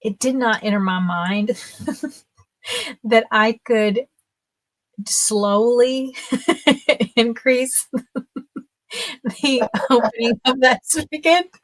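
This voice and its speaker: A woman's voice: on the high side, drawn-out words, long pauses, no room sound. Chatty woman in her fifties, laughing often. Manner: chatty, laughs often while telling stories. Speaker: livestream guest. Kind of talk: casual storytelling.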